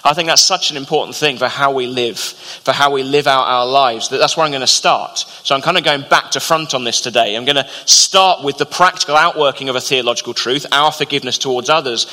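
A man preaching a sermon as pastor, earnest and measured, with slow emphatic pauses. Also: mid-range voice, pushed and bright. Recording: long hall reverb.

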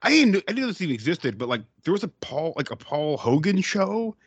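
A man's voice: on the high side, sing-song, fairly quick, breathy edge, dry recording. A man co-hosting a casual movie podcast, rambling and swearing, with many restarts. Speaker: podcast co-host.

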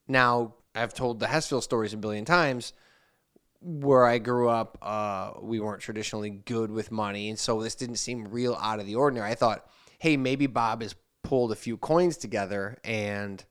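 A man's voice: lowish voice, moderate pace, a bit bright, clean tone. A man hosting a podcast, telling a rambling anecdote in casual chat and acting out the messages he quotes. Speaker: podcast host.

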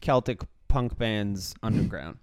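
A young man, co-hosting a podcast, ironic and quick to laugh. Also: on the low side, a little mellow, smooth. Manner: joking, ironic, laughs often. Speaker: podcast co-host. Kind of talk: casual banter.

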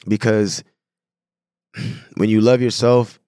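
A man from San Diego, a guest on a podcast, talking in a casual, animated, slangy way. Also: lowish voice, takes it slowly, clear, resonant tone, no room sound, studio quality. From San Diego, California. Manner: animated, slangy, says "bro" and "you know what I'm saying" a lot. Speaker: podcast guest, clothing brand owner. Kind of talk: casual conversation.

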